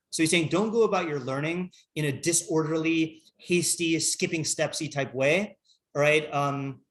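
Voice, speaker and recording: A man, a rabbi, teaching a casual morning class, reading Hebrew texts and thinking aloud with many fillers. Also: fairly high pitch.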